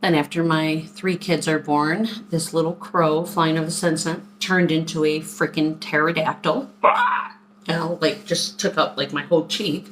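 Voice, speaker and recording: A woman in her forties telling stories in a casual vlog, chatty and animated as she acts out what people said. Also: deep voice, moderate pace, a little hiss or hum. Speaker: vlogger. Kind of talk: casual storytelling to camera.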